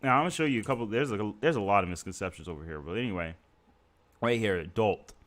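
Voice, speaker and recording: Low-voiced man hosting a casual stream. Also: expressive, fast talker, fairly bright tone. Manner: conversational, explaining scene by scene with fillers. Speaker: stream host. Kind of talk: casual live-stream commentary.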